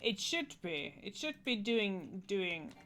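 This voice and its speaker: A woman's voice: medium pitch, sing-song, slow pace, a bit bright, soft background music. A woman streaming a game, muttering and swearing casually at what is happening on screen. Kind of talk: casual gameplay commentary.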